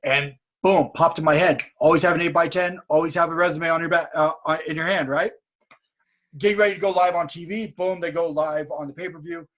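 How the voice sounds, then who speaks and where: A man's voice: a little high, steady tone, brisk, fairly bright tone. A man from California telling a story in a casual podcast chat, acting out what other people said. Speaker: podcast guest.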